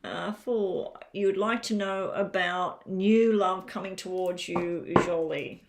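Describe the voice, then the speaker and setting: A woman's voice: medium pitch, steady tone, takes it slowly, slight background noise. Chatty Australian woman reading tarot. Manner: chatty, thinks aloud over the cards. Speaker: tarot reader. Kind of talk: live-stream tarot reading.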